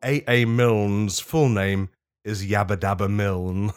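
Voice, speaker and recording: A man's voice: on the low side, takes it slowly, clear, resonant tone. Giggly man reading absurd stories. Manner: giggly, deadpan absurd storytelling. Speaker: podcast co-host. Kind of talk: casual comedic chat and reading.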